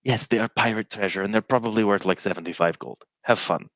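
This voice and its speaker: Sarcastic fed-up adventurer played by a man, lowish voice, dry close mic, grumbling. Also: fast, fairly bright tone, no echo, close to an everyday voice. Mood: exasperated. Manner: irritable, grumbling complaints. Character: exasperated male adventurer, testy and sarcastic. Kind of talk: tabletop role-play in character.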